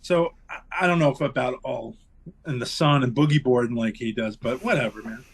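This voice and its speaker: A man's voice: mid-range voice, fairly quick, breathy edge. A man co-hosting a podcast, giving a jokey, hyped-up plug and urging listeners like a preacher. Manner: hyped, mock-preachy exhortation. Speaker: podcast co-host.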